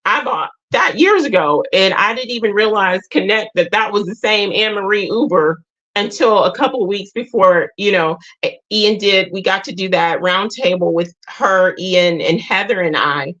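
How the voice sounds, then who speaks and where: A woman hosting a live group talk, sharing her own story in a halting, emotional way and often repeating or restarting her words. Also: medium pitch, fairly bright tone, lo-fi sound. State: tearful at times. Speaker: host.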